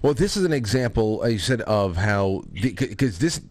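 A man's voice: fairly low pitch, animated, moderate pace, darkish tone, slight background noise. A man hosting an interview, chiming in conversationally and often restarting his sentences. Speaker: host. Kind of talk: casual interview chat.

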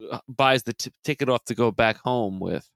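A man's voice: medium pitch, normal speed, creaky, a bit bright, clean tone, no echo, clean studio sound. A man co-hosting a casual movie podcast, chiming in with short, laid-back replies. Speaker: podcast co-host.

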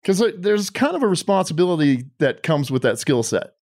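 A man's voice: high-pitched, sing-song, brisk, darkish tone. Easygoing male podcast host. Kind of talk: casual interview chat.

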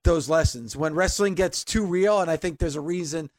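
Guy hosting a podcast, high voice, dry mic, calm wrap-up. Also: no echo. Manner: measured, sums up then reads outro. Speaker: podcast host.

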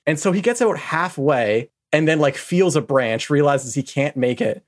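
A young man from Canada telling a rambling anecdote in casual chat, deadpan and full of likes. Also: a little high, moderate pace. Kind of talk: casual podcast storytelling.

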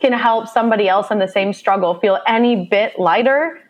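A thirty-something mother from Indiana, whose child has special needs, tells a personal story in a warm, conversational way. Her mid-range voice moves a little fast, and she becomes animated when repeating her own words. The recording is rough.

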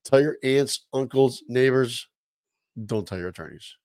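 A man's voice: mid-range voice, a little slow, darkish tone, dry recording, studio quality. A man co-hosting a podcast, giving the show's outro in an upbeat, promotional way. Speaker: podcast co-host. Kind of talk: show outro announcement.

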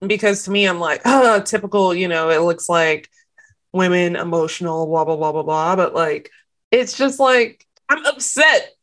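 A woman hosting a podcast, chatting candidly with quick asides. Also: lowish voice, fairly bright tone. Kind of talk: casual podcast chat.

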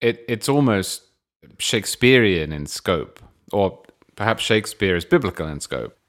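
English guy hosting his podcast, lowish voice, dry jokey tone. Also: lively intonation, measured pace, fairly bright tone. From England. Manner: wry, dry humor. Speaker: podcast host. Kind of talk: podcast monologue answering listener questions.

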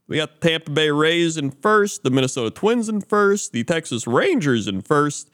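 A podcast co-host with a slightly high, smooth, fairly bright voice talks at normal speed with few pauses and lots of animation. He reads mock sports and news segments casually, laughing often and stumbling over the items.

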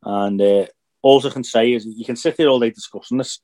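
A young man from Northern Ireland co-hosting a casual podcast, talking in a reflective, halting way as he searches for his words. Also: medium pitch, a little mellow. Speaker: podcast co-host.

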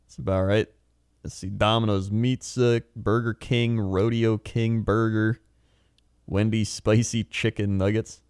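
A man in casual chat as a podcast co-host, laid-back and rambling, full of fillers and quick laughs. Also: lowish voice, level tone, a little mellow, clear, resonant tone, no room sound, studio quality.

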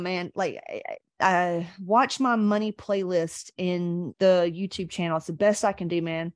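A woman's voice: medium pitch, dry recording. A middle-aged woman hosting a health podcast, talking casually and bluntly, swearing and rambling as she coaches her listeners directly. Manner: speaks straight to listeners. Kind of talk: casual unscripted coaching talk.

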